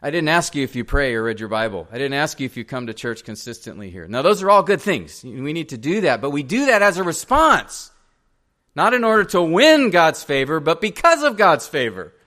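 A male pastor delivers a sermon in a church. He speaks earnestly and presses direct, pleading questions on his listeners. His voice sits somewhat high for a man. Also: sing-song, brisk, sharp tone.

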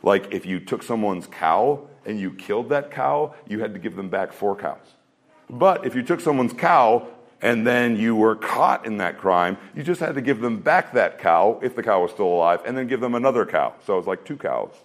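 A man's voice: on the low side, expressive, moderate pace. A man preaching a sermon in an earnest voice, asking rhetorical questions and shifting his pace. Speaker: pastor.

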